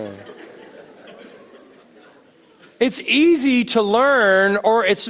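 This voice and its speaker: A young man preaching a sermon as pastor, animated and joking, turning slow and hushed when he prays. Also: high voice.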